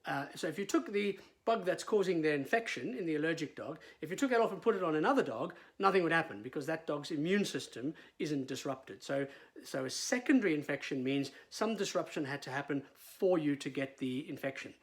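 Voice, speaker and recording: Chatty vet, slightly high voice. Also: male voice, animated, a little fast. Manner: chatty, repeats words, many fillers. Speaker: veterinarian. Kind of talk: casual explanatory talk.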